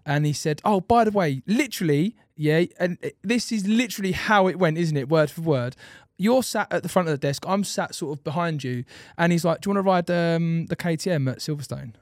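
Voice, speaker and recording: A young man hosting a podcast, chatting casually in fast banter full of slang and tag questions. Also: on the high side, no room sound, clean studio sound. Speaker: podcast host. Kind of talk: casual chat.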